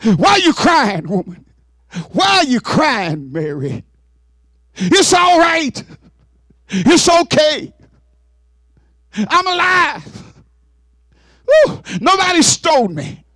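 A man voicing the risen Jesus, a gentle, reassuring figure in a sermon retelling. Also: very high-pitched, big pitch swings, slow pace, long pauses, no room sound, studio quality, pitched above the performer's own voice, heavily acted. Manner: soothing, exclaiming.

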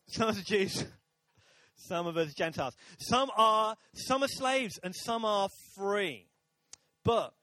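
A man's voice: sits high, a bit bright, dry recording. A man preaching a sermon to a congregation in a church, chatty and jokey, talking with the crowd. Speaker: pastor. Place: church auditorium.

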